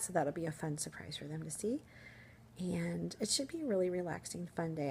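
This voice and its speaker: A woman's voice: fairly low pitch, slight background noise. A woman teacher talking casually to her viewers from home in an upbeat, chatty way, laughing easily. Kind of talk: casual vlog chat.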